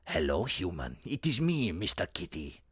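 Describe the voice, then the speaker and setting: A man voicing a posh male cat spirit who talks slowly and formally, with a smug, flirtatious edge. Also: sits low, very animated, a bit bright, breathy edge, no room sound, studio quality, voice pushed down, exaggerated voice. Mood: lordly. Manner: slow, formal and lordly.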